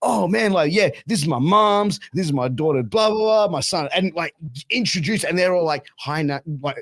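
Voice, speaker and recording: A man's voice: high voice, moderate pace, dry recording. A young Australian man hosting a podcast, telling a story in a casual way with constant fillers and swearing. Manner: swears a lot, filler-heavy, animated retelling. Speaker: podcast host.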